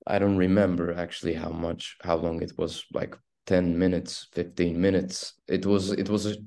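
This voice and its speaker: Low-voiced man with a Turkish accent. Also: creaky. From Turkey. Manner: halting, restarts often, animated storytelling. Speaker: actor guest. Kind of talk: casual interview storytelling.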